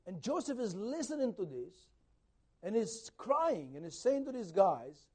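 A man preaching a sermon, retelling a Bible story in an animated way, his loudness rising and falling. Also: sits high, measured pace, slightly rough.

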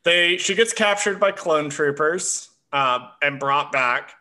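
Male podcast co-host, slightly high and bright, chatty and enthusiastic. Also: takes it slowly. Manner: chatty, self-described history nerd, frequent uh fillers. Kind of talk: casual chat.

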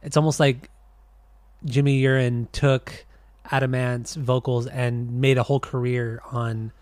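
A man with an ordinary middle pitch chats in a relaxed, rambling way on a casual podcast, often restarting his sentences. His voice is recorded dry and close to the mic. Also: unhurried, dry recording. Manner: laid-back, rambling with restarts. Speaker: podcast co-host. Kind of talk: casual chat.

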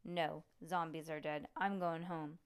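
A woman's voice: low-pitched, level tone, unhurried. A woman reading aloud and voicing a cocky young boy who scares easily, in a bratty, blustering way. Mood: whiny.

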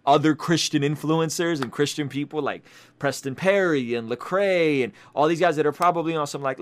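A man's voice: fairly high pitch, fairly quick, a bit bright. A young man giving casual video commentary as a Christian commentator, emphatic, repeating himself and often asking "right?".

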